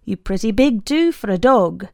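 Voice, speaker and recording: A woman reading a story aloud, voicing a kindly older working man who talks softly to his dog. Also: medium pitch, lively intonation, normal speed, gravelly, dry recording, clean studio sound. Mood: gentle. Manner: soft, kindly, quiet.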